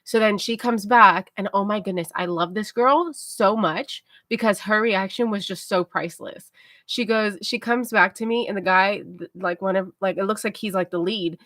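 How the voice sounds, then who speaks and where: A woman's voice: mid-range voice, normal speed, a bit bright, no room sound, studio quality. Tired, chatty woman storyteller. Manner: rambling, filler-heavy, self-talking. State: tired, mellow. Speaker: livestream host. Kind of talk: casual storytelling chat.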